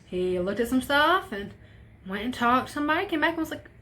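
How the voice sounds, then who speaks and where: A woman's voice: high voice, sing-song, fairly quick, fairly bright tone. A young woman telling a personal story on a vlog, casual and profane, with emotion in her voice. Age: young adult. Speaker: vlogger.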